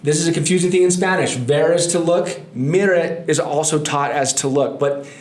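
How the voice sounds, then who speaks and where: Upbeat, joking male co-host, somewhat higher voice, echoey room. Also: moderate pace. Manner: upbeat, jokey, addresses listeners as guys. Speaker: podcast co-host. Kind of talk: casual teaching chat. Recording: roomy studio echo.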